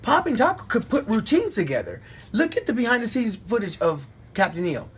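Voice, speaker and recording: A middle-aged man, a dancer, telling stories casually in an animated, excited way and acting out other people's voices. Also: sits high, fairly quick, a little hiss or hum. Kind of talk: casual storytelling.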